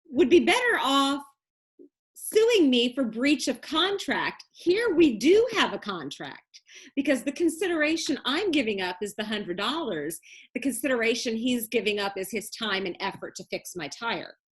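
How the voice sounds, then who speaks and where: A woman teaching a business law class in a recorded lecture, explaining in a casual, colloquial way and teasing her students with jokes. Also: high voice. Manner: lively, joking, teasing students.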